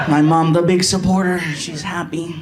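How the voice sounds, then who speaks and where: A man performing stand-up comedy on a live stage, animated and chatty, ribbing the audience. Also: sits high, heavy background noise.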